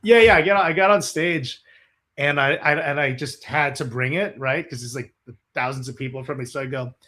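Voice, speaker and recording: Animated, profane man telling road stories. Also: medium pitch, a little fast. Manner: animated, profane, acts out the quotes in his stories. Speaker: guest musician. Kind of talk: casual storytelling interview.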